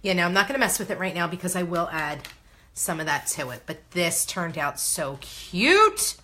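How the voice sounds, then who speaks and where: Bubbly bright-voiced woman crafting. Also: lowish voice, big pitch swings, normal speed. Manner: bubbly, exclamatory, talks to viewers while working. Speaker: craft video host. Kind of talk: casual crafting tutorial chat.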